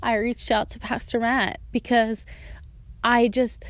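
A woman's voice: fairly high pitch, level tone, measured pace, no room sound. A young woman sharing a personal faith testimony in casual, earnest storytelling, her speech full of "like" and "and so". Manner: earnest and emotional, with frequent "like" and "and so".

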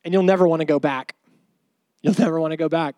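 Brief: young male youth pastor, fairly high voice, dry close sound, animated and jokey. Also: fast talker, dry recording. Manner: animated, jokey, casual slang. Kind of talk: youth sermon with personal stories.

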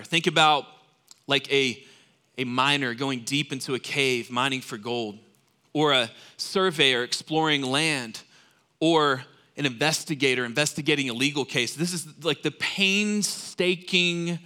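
A man preaching a sermon to a room of listeners, stressing key words loudly and then dropping to soft asides. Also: medium pitch. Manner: emphatic, swings between loud stresses and soft asides.

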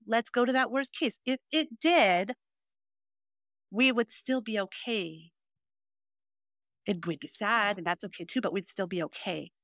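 A woman co-hosting a podcast, speaking at a middle pitch in an earnest, open way and filling her sentences with "you know" and "um". The sound is dry and close. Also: a bit bright, no room sound. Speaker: podcast co-host. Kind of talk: casual chat.

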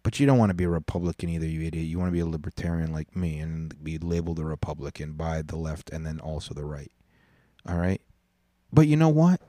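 Deep-voiced man in a profane ramble. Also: quick pace, mellow, no echo. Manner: rambling, profane, stumbling over words. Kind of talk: casual rant.

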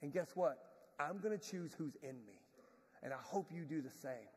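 Husky-voiced man preaching in a reverberant hall. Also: fairly high pitch, lively intonation, normal speed. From Houston, Texas. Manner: testimony preaching, swings from quiet to urgent. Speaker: pastor. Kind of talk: sermon.

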